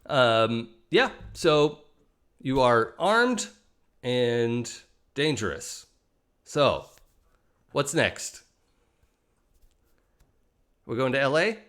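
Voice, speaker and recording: Casting: male game master, easygoing, lots of ums, mid-pitched voice. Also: drawn-out words, pauses often. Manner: relaxed, many fillers. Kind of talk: running a tabletop game.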